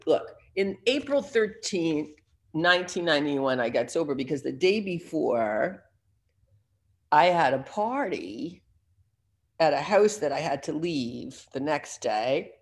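An older man telling his own recovery story in a rambling, self-deprecating way, pausing and restarting often. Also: fairly high pitch. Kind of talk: personal recovery talk.

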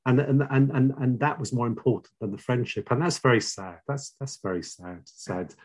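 A middle-aged man with a London accent telling his own recovery story, halting and repeating words, wry and confessional. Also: medium pitch, darkish tone, husky. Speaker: speaker sharing a recovery story. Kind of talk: personal testimony.

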